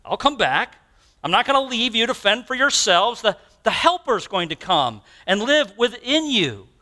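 A male preacher voicing a calm, patient teacher reassuring his followers during a sermon. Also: very high-pitched, normal speed, pitched above the performer's own voice, full character voice.

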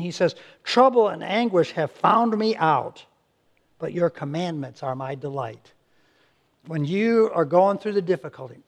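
A man preaching a sermon as pastor, earnest and conversational, often restarting words and acting out little quotes. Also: high voice.

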